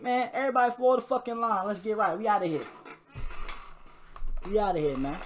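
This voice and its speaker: A man giving excitable live gameplay commentary, trash-talking and bursting into shouts during fights. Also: high voice, a little fast, long pauses. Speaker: gamer. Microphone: new desk mic.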